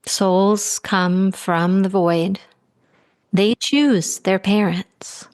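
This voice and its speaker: A woman podcast host guiding a guest through a gentle coaching conversation, soothing and affectionate, often drawing out her phrases. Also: medium pitch, fairly even intonation, extremely slow, clear, resonant tone, no echo, studio quality.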